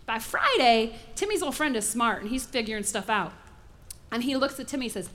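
Woman pastor, bright tone, animated sermon delivery. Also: fairly high pitch, brisk, slight background noise. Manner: animated preaching, acts out voices in asides.

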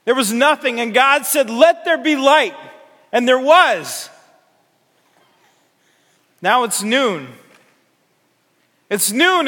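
Very high-voiced man preaching slow, bright tone, echoing hall. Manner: slow, deliberate, rising to emphatic declarations. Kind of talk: sermon. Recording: long hall reverb.

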